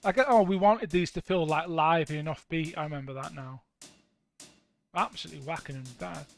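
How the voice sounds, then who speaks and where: High-voiced, playful man. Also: fairly quick, vocal fry, faint music behind. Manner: playful, rambling, jokey asides to chat. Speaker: band member streaming music production. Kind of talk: casual livestream chat while producing.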